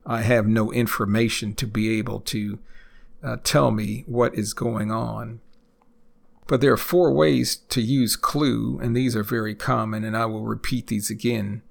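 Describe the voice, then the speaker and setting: A man teaching English expressions, speaking deliberately, spelling out words and repeating each example phrase. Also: fairly low pitch, fairly even intonation, vocal fry. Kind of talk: slow, deliberate language lesson.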